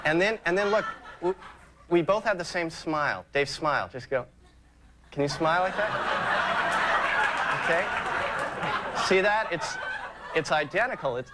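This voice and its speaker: A man doing a comic bit on a late-night talk show, deadpan but bursting into sudden high squeals. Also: noisy background. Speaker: comedian doing a studio bit.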